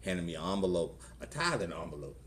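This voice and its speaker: Very animated and fast, this low, somewhat bright voice belongs to a middle-aged pastor from the US South giving a testimony sermon in church. He tells his own story conversationally, voicing its characters, against slight background noise.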